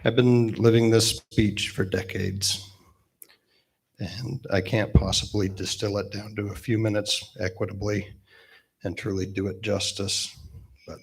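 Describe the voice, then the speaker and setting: A man in his fifties speaks at a memorial with a lowish voice and an unhurried pace. He talks haltingly, stopping on fillers as he works through a eulogy laced with gentle humor. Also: flat delivery, creaky, breathy edge. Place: memorial gathering.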